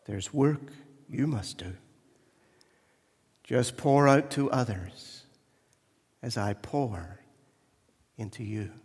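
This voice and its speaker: A man voicing a gentle, kindly master in a poem read from the pulpit. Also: a little high, takes it slowly. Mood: tender. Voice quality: tender, warm. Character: gentle kindly master choosing a broken clay vessel. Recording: echoey church hall.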